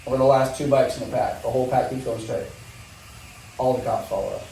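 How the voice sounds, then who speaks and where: A man telling a wild story in casual talk, animated and swearing, laughing often. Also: mid-range voice, brisk, gravelly, heavy reverb, recorded from a distance, slight background noise, low-quality recording. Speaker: guest motorcycle rider.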